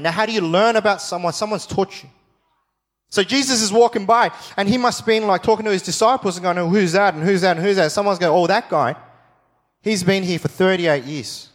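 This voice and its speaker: A man with a high voice teaches a sermon, leaning into the story and dropping playful asides. He repeats key phrases for emphasis. His voice rings out with a long reverb, as in a church hall. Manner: animated storytelling with jokey asides.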